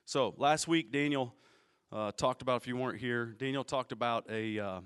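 A man of medium pitch preaches a sermon in a relaxed, conversational way. He explains things patiently and keeps checking in with the congregation, asking them questions as he goes. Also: normal speed, clear, resonant tone. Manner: casual, explanatory, asks the audience questions.

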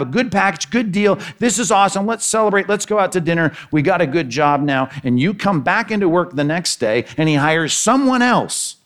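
A man preaching a sermon, reading scripture and acting out the characters' voices with lively energy. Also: a little high. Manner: animated, acts out the characters' lines in the parable. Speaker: pastor.

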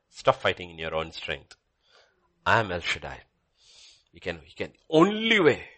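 A man preaching a sermon to a congregation in church, swinging from low murmurs to high excited cries. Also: unhurried, pauses often, slightly rough.

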